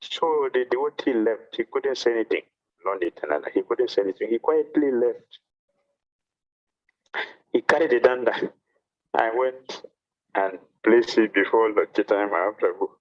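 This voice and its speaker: A man, a monk, telling a devotional story in a sermon with animated delivery and frequent repetition of phrases. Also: medium pitch, moderate pace, dull audio. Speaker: monk giving a talk.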